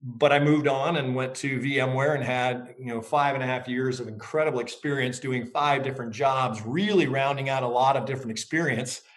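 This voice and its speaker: A middle-aged man answering questions as an interview guest. He talks in a reflective, measured way and lets his stories unfold step by step. His voice sits in an ordinary middle register. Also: mid-range voice, steady tone. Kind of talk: interview conversation.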